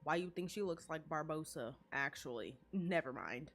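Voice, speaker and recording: A woman's voice: low-pitched, animated, moderate pace, fairly bright tone. Playful, profane woman streamer. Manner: playful, profane, laughing asides. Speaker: gamer streamer. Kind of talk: casual gameplay commentary.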